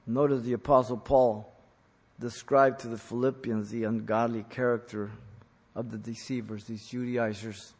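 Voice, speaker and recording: A man preaching a teaching sermon on scripture, stressing key words loudly and then dropping to quiet asides. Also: mid-range voice, fairly even intonation, normal speed, slightly rough. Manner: emphatic, swings from loud stresses to quiet asides. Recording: long reverb of a large hall.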